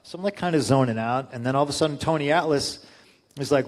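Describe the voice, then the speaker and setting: A man in his forties, a guest on a convention panel, telling a story in a casual, profane and animated way, often laughing. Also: medium pitch, fast.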